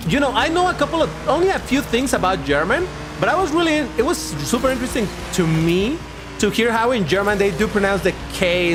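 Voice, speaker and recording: A talkative man hosts a relaxed gaming live stream, wandering between thoughts as he reads out and answers his chat. His voice sits high and swings around a lot. Soft music plays faintly underneath. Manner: chatty and rambling, reads and answers chat aloud. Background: faint background music.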